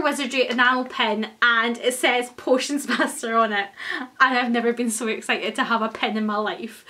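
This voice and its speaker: A young woman, gushing and excitable as she chats through an unboxing for her vlog. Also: a little high, normal speed. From Scotland. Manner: gushing, excitable, many exclamations. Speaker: vlogger. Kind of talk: casual unboxing chat.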